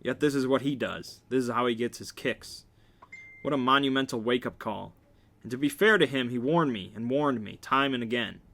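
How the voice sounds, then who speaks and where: Bright-voiced man reading a novel aloud. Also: mid-range voice, normal speed. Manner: wry reading with joking asides. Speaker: reader.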